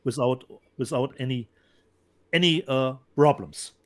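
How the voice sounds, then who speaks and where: Halting man co-hosting. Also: mid-range voice, a bit bright. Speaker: co-host. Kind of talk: casual chat about disc releases.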